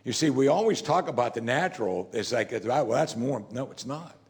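A man's voice: medium pitch, expressive, fairly quick. A man preaching a sermon in a conversational way, asking the congregation rhetorical questions and acting out scripture quotes. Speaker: pastor.

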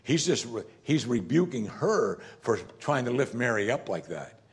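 A man's voice: medium pitch, big pitch swings, moderate pace. A man delivering a sermon to his congregation in an easy, conversational manner. He keeps firing rhetorical questions at his listeners and slips into character when he quotes scripture. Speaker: pastor.

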